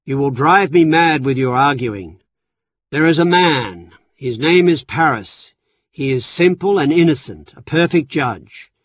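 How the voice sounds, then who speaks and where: A man's voice: on the high side, animated, unhurried, no echo, far from the mic. A man voicing a mighty, irritable male king of the gods who barks orders. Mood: exasperated. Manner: commanding, exasperated. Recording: dry, slightly dull recording.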